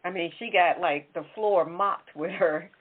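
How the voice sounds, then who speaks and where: Female talk host, loose conversational delivery, lowish voice, phone-quality audio. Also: unhurried, breathy edge. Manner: conversational, self-correcting. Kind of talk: casual political chat. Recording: tinny phone-like line.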